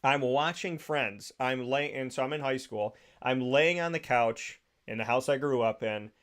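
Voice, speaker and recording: Male podcast host, lively anecdote teller, mid pitch. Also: moderate pace. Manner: animated storyteller, laughs and restarts often. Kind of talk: casual chat.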